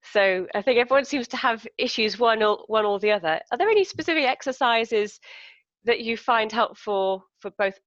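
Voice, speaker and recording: A woman's voice: fairly high pitch, expressive, moderate pace, fairly bright tone, no echo, dull audio. A woman hosting a live question-and-answer interview, reading out viewers' questions with friendly fillers over a video call.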